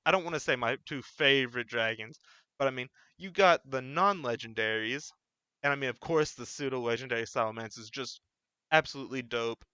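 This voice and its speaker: A man hosts his own channel, talking in a loose, rambling way and often correcting himself. His voice is bright and smooth. The recording is dry and a little dull, made on a desk mic at home. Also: mid-range voice, no echo. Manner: rambling, self-correcting, relaxed. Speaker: channel host. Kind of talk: casual solo vlog chat. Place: home room with a fan running.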